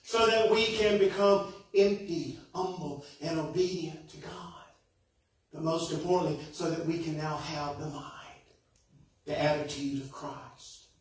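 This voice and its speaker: High-voiced preaching man in echoey church. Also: unhurried. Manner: earnest, rising and falling preaching. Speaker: pastor. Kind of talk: sermon. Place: church sanctuary. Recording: echoey sanctuary from far off.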